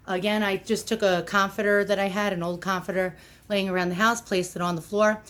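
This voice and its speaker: New York woman, mid-pitched, casual how-to demo, chatty with fillers. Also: little pitch movement, fairly quick, a bit bright. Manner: chatty, with frequent ums and uhs. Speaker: product demonstrator.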